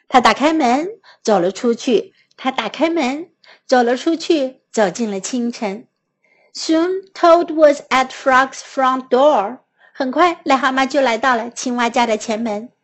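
A woman with a Mandarin Chinese accent reading a children's story aloud in two languages, slow, clear and patient. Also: sits high, lively intonation.

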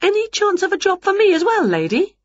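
A woman voicing an excitable, chatty, boastful witch in a storybook reading, on a dull lo-fi recording. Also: very high voice, fairly quick, no echo, pitched above the performer's own voice, heavily acted.

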